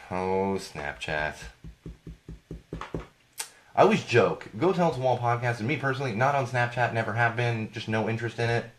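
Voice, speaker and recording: A man hosting a live podcast, rambling and indignant in a casual rant, his voice going hoarse. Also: lowish voice, fairly bright tone, a little hiss or hum. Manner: rambling, indignant, self-correcting. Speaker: podcast host.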